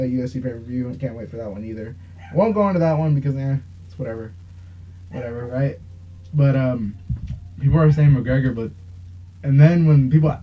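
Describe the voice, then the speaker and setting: A man's voice: mid-range voice, slight background noise. A young man hosting a podcast, telling a long, rambling story in casual chat with plenty of swearing. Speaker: podcast host. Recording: dull lo-fi sound.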